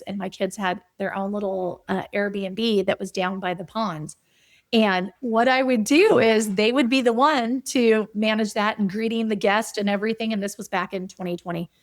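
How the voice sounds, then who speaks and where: A middle-aged woman, a physician and property investor, telling stories in a podcast interview with an energetic, emphatic coaching tone. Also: medium pitch, dry recording, clean studio sound. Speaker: physician and real estate investor guest.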